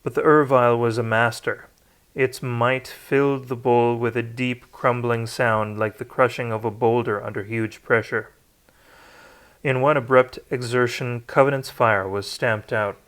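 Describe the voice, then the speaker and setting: A man's voice: mid-range voice, fairly bright tone. Man reading a fantasy story aloud. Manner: occasional slips and restarts. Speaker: audiobook narrator. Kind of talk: unrehearsed read-aloud narration.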